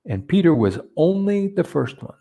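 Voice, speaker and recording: A man teaching a Bible lesson, halting often with fillers and restarts. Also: sits high, big pitch swings, mellow. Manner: hesitant, many fillers and restarts, switching between two languages.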